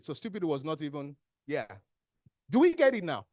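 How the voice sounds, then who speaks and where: Speaking a little fast at medium pitch, this trainer uses Nigerian English while leading a lively, interactive workshop. Questions go out to the audience in the training hall, and the trainer supplies the answers. The audio is dry and studio-clean.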